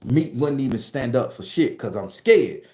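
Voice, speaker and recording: A man from southern Florida telling a wild personal story in a casual, profane, rambling way, climbing higher and louder as he gets worked up. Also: animated, moderate pace. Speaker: storytelling channel host. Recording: roomy echo.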